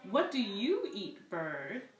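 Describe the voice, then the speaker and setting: A woman voicing a boastful male wide-mouthed frog for a storybook read-aloud, announcing himself loudly and proudly. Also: medium pitch, huge pitch swings, slow, far from the mic. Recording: roomy echo, away from the mic.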